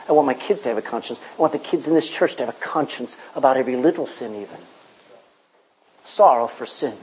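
A man preaching a sermon in church, with loud rises and quiet drops. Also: mid-range voice, husky, low-quality recording. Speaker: pastor.

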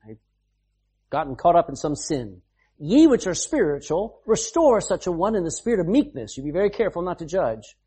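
A man's voice: high voice, sing-song, a little fast, dark tone, slightly rough. A man preaching a sermon as pastor, emphatic, reading scripture aloud and explaining it.

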